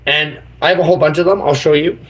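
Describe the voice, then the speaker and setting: A man's voice: fairly high pitch, fairly even intonation, fast talker, a bit bright, low-quality recording. Goofy, rambling male YouTuber. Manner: silly, rambling, full of made-up words. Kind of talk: goofy casual live-stream chatter.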